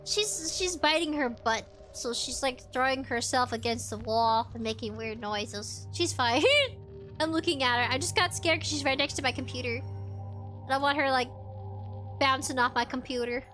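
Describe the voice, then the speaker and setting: A woman streaming a game from home, chatting casually in a giggly, animated, rambling way. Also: sits high, moderate pace, soft background music. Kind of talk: casual live-stream chat. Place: home room with a computer and a dog.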